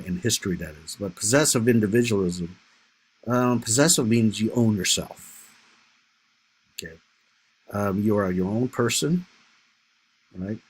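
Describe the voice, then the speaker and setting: Low husky-voiced man lecturing. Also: rough recording. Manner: conversational, frequent "right?" and "you know". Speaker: history lecturer. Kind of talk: recorded slide lecture.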